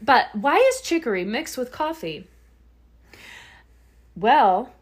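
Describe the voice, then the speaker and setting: Woman podcast co-host from Louisiana; chatty, profane storyteller with an animated, higher voice. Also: takes it slowly, slightly rough. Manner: rambling storyteller, profane, laughs often. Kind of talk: casual chat.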